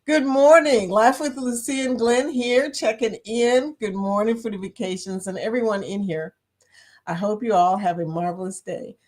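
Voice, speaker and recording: A woman's voice: medium pitch, moderate pace, a little mellow. A woman with a Southern US accent hosting a casual livestream, chatty, laughing often and greeting viewers by name. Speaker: livestream host.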